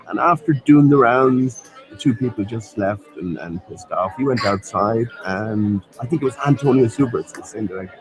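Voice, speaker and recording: A man's voice: fairly low pitch, poor audio. A man hosting a casual pub chat, rambling and hesitant, dismissive of what he hears. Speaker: host.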